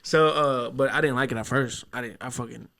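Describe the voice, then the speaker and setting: A young man hosting a casual podcast, rambling through stories with lots of swearing and quick put-on voices for the people he quotes. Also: medium pitch, creaky, pushed and bright. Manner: rambling storyteller, heavy cursing, acts out voices in quotes. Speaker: podcast host.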